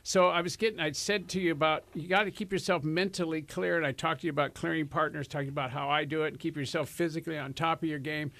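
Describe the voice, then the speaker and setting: Gravelly chatty male talk show host. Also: fairly high pitch, fairly even intonation, fast talker, hardly any pauses, a bit bright. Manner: chatty, rambling, laughs often. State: out of breath. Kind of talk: casual self-help talk show.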